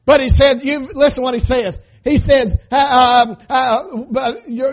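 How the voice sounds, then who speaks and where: A man preaching a sermon as pastor, with a preacher's cadence and frequent "amen?" call-outs, rising to shouts at climaxes. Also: very high-pitched, steady tone, unhurried, hardly any pauses.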